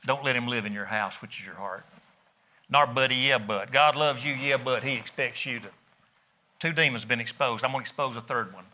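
A middle-aged man, preaching a sermon in a folksy, animated storytelling way. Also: medium pitch, a little fast. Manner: folksy, animated storytelling with laughs and rising emphasis.

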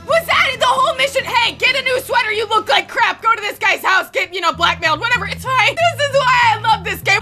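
Very high-pitched playful woman gaming. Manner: playful, jokey, chatty, laughs a lot. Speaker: gameplay video host. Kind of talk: casual gameplay commentary.

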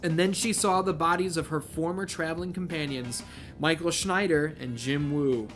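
A man's voice: a little high, fairly even intonation, normal speed, a bit bright, faint music behind. A man hosting a comedic read-through of a novel, breaking off from the text for wry asides. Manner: wry asides that interrupt the reading. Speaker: channel host reading a novel aloud.

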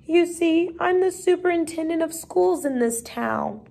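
A woman's voice: very high-pitched, animated, unhurried, creaky, mellow, voice pushed up, exaggerated voice. A woman voicing a tall, mild and worried man who is a school superintendent, in a storybook read-aloud. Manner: mild and fretful.

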